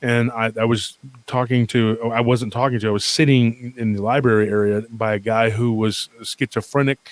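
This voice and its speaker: A man tells his story in a steady middle-pitched voice. He rambles with animation, piles up fillers and starts over mid-sentence. The sound is dry and close, with little room around him. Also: moderate pace, no echo. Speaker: guest. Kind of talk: casual storytelling on a podcast.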